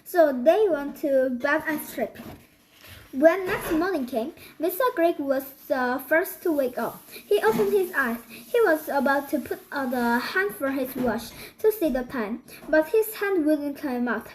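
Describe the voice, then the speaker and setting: A woman reading a children's book aloud, halting and restarting often. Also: high voice, animated, a little hiss or hum, poor audio. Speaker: storybook reader.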